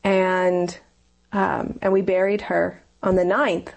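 A woman's voice: on the low side, level tone, slow pace, creaky. A woman telling a personal faith story in a conversation, earnest and rambling, with many fillers. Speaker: interview guest.

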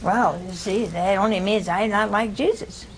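A woman giving an informal scripture teaching to a small group, conversational and humorous, often pausing to ask her listeners "See?". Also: medium pitch, a little hiss or hum, poor audio. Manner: conversational, keeps asking "See?" and questioning listeners; homespun humor, laughs at her own jokes. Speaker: religious teacher.

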